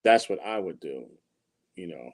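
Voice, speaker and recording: A man with a somewhat low voice takes part in a relaxed scripture discussion. He speaks in a measured, deliberate way, working through his answer step by step and pausing with ums. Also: gravelly. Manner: measured and thoughtful, with frequent ums. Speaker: podcast co-host in a scripture discussion.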